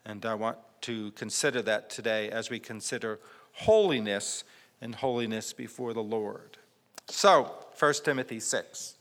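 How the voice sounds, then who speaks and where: A man's voice: on the low side, unhurried, fairly bright tone, big-room sound. A man preaching a sermon as pastor, emphatic and repetitive, praying and reading scripture in a church. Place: church sanctuary.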